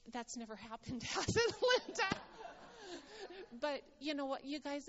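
A woman's voice: medium pitch, muffled recording. Woman telling church testimony in a hall. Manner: earnest, animated storytelling, quoting others' words. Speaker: ministry speaker sharing testimony.

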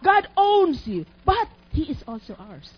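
Animated high-voiced woman preaching. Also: unhurried. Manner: animated, emphatic, teacherly questions to the audience. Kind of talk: sermon. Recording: dull lo-fi recording.

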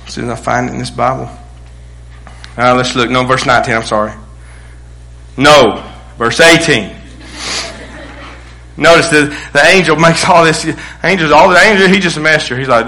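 A middle-aged male pastor preaching a sermon, animated, acting out quotes with bursts of shouting. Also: fairly high pitch, low-quality recording.

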